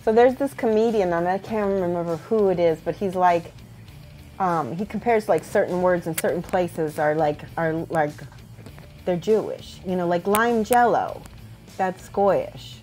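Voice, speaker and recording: A woman's voice: fairly low pitch, measured pace, soft background music. A woman chatting casually and rambling with frequent giggles while she paints miniatures for her viewers. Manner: chatty, rambling, giggly, soft when concentrating.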